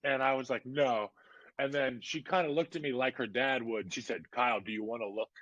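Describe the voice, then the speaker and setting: A man in his thirties tells a story as a podcast guest, casual and animated, full of fillers and asides. His voice sits in the middle range. The sound is dry and a little dull, like lo-fi podcast audio. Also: mid-range voice, fairly quick, no echo. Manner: animated, lots of "like" and "you know".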